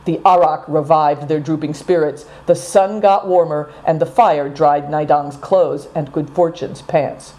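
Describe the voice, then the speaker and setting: Woman storybook narrator; low, mellow, very animated reading. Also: a little slow, few pauses. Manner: expressive, dramatic reading. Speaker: audiobook narrator.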